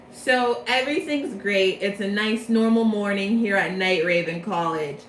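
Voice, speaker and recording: A young woman casually retelling a game's plot from memory, bubbly and jokey, tossing in quick character voices. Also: mid-range voice. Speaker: storyteller recapping a game plot. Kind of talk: casual chatty plot recap. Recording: echoey room with faint background noise.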